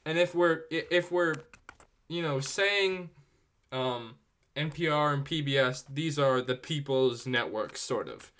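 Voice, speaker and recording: A man's voice: a little high, unhurried, a bit bright. A man moderating a casual panel, stumbling over his words as he works up to a pointed question. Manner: stammering, builds up to questions.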